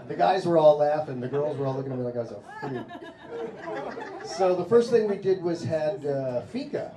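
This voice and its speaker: Brief: American stand-up comic, laid-back storyteller, slightly high voice, echoey club with crowd. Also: male voice, animated, normal speed, very noisy. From United States. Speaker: stand-up comedian. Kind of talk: stand-up comedy set. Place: comedy club stage. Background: audience laughter.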